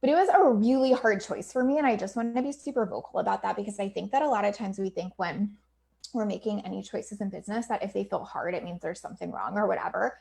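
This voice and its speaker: A woman's voice: mid-range voice, quick pace, vocal fry, darkish tone. Woman in her thirties, business coach on a casual livestream; candid, chatty, laughs easily, swears, lots of fillers. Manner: filler-heavy with many likes and ums.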